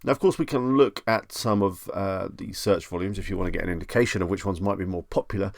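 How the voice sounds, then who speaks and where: Male streamer, low and gravelly, dry close mic, casual chat host who reads out questions and riffs on them. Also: quick pace, dry recording. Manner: chatty, reads questions aloud and muses on them.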